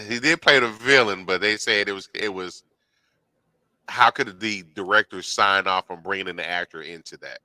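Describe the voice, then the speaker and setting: A man's voice: on the low side, measured pace, pushed and bright, no echo. A man from the South, co-hosting a casual podcast with easygoing, laugh-filled banter. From Alabama, US South. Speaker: podcast co-host.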